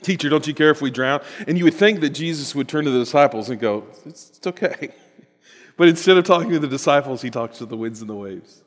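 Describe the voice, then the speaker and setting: A man preaching a sermon in a church, animated and building to emphatic bursts. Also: mid-range voice, quick pace. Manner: animated, rising to emphatic bursts, with chuckles and repetitions. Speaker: pastor. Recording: long reverb of a large hall.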